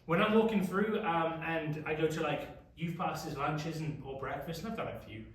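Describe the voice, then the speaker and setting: A man's voice: fairly high pitch, normal speed. A man with an English accent teaching a casual youth Bible study, chatty and often asking the group questions. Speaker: youth pastor. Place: church youth room. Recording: echoey room, mic far off.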